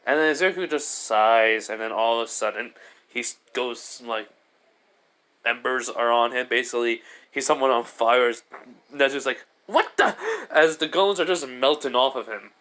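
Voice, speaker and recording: A man's voice: medium pitch, moderate pace, sharp tone. Rambling man narrating a fan story. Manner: rambling, many fillers and restarts.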